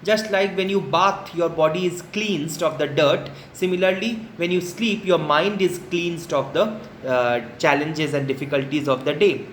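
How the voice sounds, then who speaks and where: A man's voice: a little high, normal speed, hardly any pauses, a bit bright, a little hiss or hum. A male literature teacher patiently explaining a play, paraphrasing each quoted line in plain words. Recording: echoey room with faint ambience.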